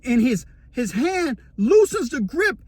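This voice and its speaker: A man telling a story about his time in prison, animated and dramatic, acting out what he saw. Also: extremely high pitch, slow pace, breathy edge, no echo. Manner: animated, vivid, dramatic retelling. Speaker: storyteller, former inmate. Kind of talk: casual storytelling to camera.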